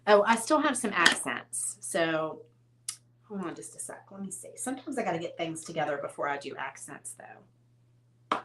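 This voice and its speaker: A woman's voice: fairly low pitch, animated, normal speed, fairly bright tone. Chatty woman teaching crafts. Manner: chatty, self-teasing, talks straight to viewers. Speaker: craft tutorial host. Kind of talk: casual painting tutorial.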